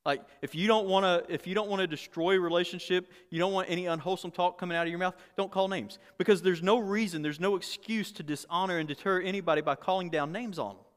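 A pastor preaching a candid, conversational sermon with humor and frequent restarts. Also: male voice, sits high, quick pace, hardly any pauses, in a large hall.

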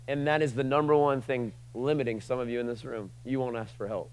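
A man preaching a sermon to a room, casual and joking, swinging from loud passionate lines to quiet asides. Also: mid-range voice, fairly even intonation, fairly quick, hardly any pauses, clear, resonant tone, poor audio. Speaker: pastor.

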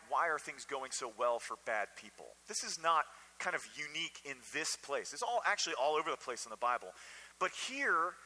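A male pastor with a bright, sharp voice that swings up and down in lively pitch, speaking a little higher than most men. He preaches in a conversational way and keeps asking the congregation direct questions. His voice carries a long reverb, as in a church hall. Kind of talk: conversational sermon.

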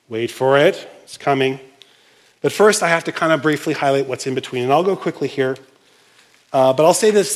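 A man preaching a sermon as pastor, animated and conversational, acting out scenes and speaking to the congregation with frequent asides. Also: fairly high pitch. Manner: animated, uses props and acts out scenes.

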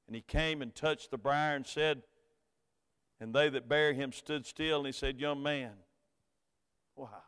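This Southern American pastor, a middle-aged man, preaches in a homespun storytelling way that swings between gentle asides and loud emphasis. His mid-range voice is steady and clean, measured in pace, with frequent pauses, heard in a recording with hall reverb.

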